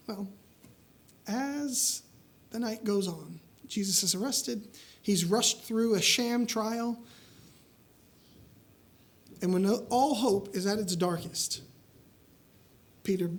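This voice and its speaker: A man preaching a sermon, telling a story with lively acted-out dialogue. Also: slow, long pauses. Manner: animated storytelling, acting out dialogue with rising pitch.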